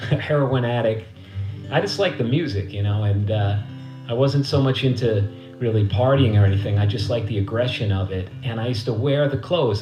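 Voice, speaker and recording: A middle-aged musician and host from Queens, New York, tells a loose, profane story from his living room between songs on a livestream, laughing and acting out the voices of the people in it. His voice is medium-pitched and a little mellow. The room is echoey, and there's a guitar.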